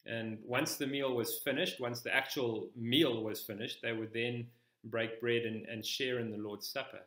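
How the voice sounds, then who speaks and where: A man preaching a sermon in church, explaining scripture in a measured, step-by-step teaching manner. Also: medium pitch, fairly even intonation, fairly bright tone, roomy sound.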